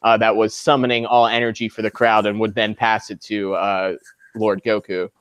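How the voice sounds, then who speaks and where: A man's voice: fairly low pitch, little pitch movement, a bit bright, smooth, no echo. A man co-hosting a podcast, joking playfully in casual chat. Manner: playful, laughing, quick jokes. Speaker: podcast co-host.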